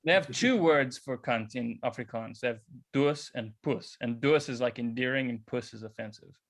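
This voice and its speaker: A man in casual chat explaining slang words, halting and hesitant as he goes. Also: mid-range voice. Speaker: band member.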